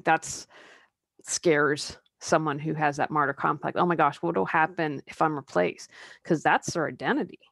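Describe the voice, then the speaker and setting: A woman hosts a solo coaching podcast in a lowish voice. She talks in a conversational, candid way and adds personal asides. The recording is dry and close. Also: no echo. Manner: conversational, drops into mocking put-on quotes. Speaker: life coach and podcast host.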